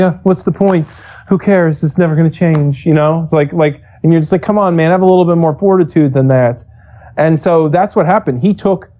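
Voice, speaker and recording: A man telling candid stories in an interview, talking fast and animated, swearing freely and acting out quotes in a raised voice. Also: on the high side. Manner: profane, many restarts and repeated words. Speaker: esports coach interviewed.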